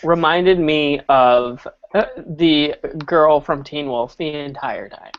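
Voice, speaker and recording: A woman co-hosting a casual fan chat, acting out quoted lines with animated swings in her voice. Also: deep voice, slow, muffled recording, a little hiss or hum. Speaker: podcast co-host.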